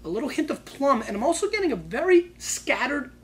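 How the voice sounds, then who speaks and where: Reviewing bottles on his wine tasting show, this host is loud, slangy and excitable, dropping into hushed asides before erupting in shouts. He has a very high-pitched voice and talks fairly quickly.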